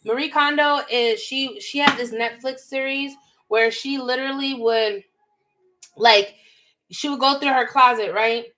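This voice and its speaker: A young woman giving a live tarot reading, animated and emphatic, full of slang, talking straight to her viewers. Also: high-pitched, unhurried, noisy background. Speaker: tarot reader.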